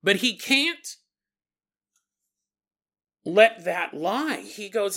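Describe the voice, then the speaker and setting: A man's voice: high-pitched, animated, very slow, long pauses, sharp tone. A man hosting a podcast, telling a story in a casual, conversational way with lots of fillers. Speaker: podcast host.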